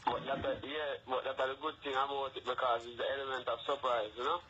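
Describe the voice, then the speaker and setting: Young guy w a jamaican patois accent, chill easygoing talk, bright voice, dull phone line. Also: mid-range voice, flat delivery, fast talker. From England. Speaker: phone-in guest. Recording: muffled phone line with faint hiss.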